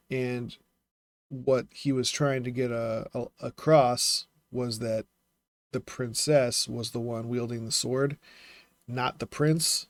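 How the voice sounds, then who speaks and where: A man talking through writing advice in a casual vlog, thinking aloud with fillers and quick self-corrections. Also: mid-range voice, a little mellow, no room sound. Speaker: self-publishing vlogger critiquing writing.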